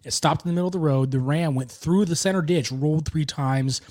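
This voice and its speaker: A man's voice: a little high, brisk, a little mellow. A man in casual podcast talk, telling an emotional story in a rambling way with many restarts.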